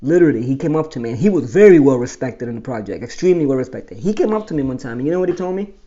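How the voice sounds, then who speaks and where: A man casually telling his own life story as host, animated and explaining step by step. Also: mid-range voice, rapid-fire, lo-fi sound. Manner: animated, explains with pointing and numbering.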